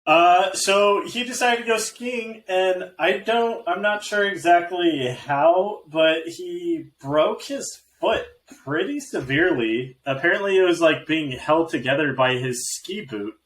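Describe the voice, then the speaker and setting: A man's voice: high voice, a little slow, few pauses, echoey room, low-quality recording. A man co-hosting a sports podcast, talking casually with hesitations and filler words. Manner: relaxed, hesitant, lots of fillers like "like". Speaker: podcast co-host.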